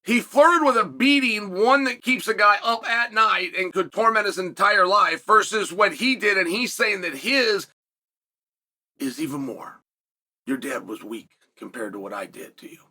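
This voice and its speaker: High, bright-voiced emphatic male commentator. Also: expressive, normal speed. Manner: emphatic, builds points through repetition. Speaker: sports commentator host. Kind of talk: solo commentary monologue.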